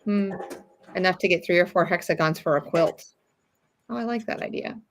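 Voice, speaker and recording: A woman's voice: lowish voice, moderate pace. A woman co-hosting a casual sewing livestream, chatty and encouraging, reading viewer comments aloud. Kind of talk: casual chat.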